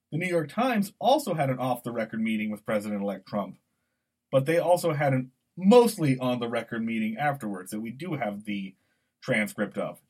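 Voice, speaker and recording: A man co-hosting a podcast, talking through a film scene in an animated, digressive way. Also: mid-range voice, husky. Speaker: podcast co-host. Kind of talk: conversational podcast discussion.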